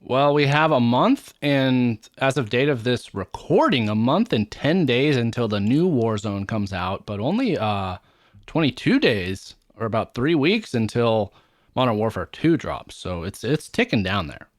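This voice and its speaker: A man's voice: mid-range voice, sing-song, unhurried, no room sound. Chatty man on a gaming podcast, dry sound. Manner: chatty, rambling, lists weapons at length. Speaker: podcast co-host. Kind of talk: casual gaming podcast chat.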